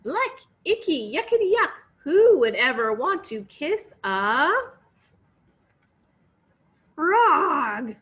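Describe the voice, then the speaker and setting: A woman's voice: high-pitched, huge pitch swings, slow pace, fairly bright tone, lo-fi sound, voice pushed up, heavily acted. A woman voicing a whiny, spoiled young princess in a read-aloud storybook, squealing and dramatic. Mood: disgusted.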